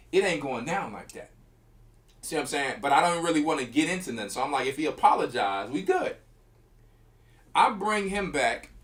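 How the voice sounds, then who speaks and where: A middle-aged man, telling a story in casual talk and acting out the quotes and punches. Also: a little high. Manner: animated, acts out quotes and punches with sound effects. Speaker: church elder.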